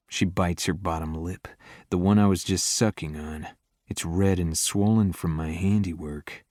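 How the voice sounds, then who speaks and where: Very deep man narrating a romance. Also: fairly even intonation, unhurried, darkish tone, dry recording, studio quality. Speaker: audiobook narrator.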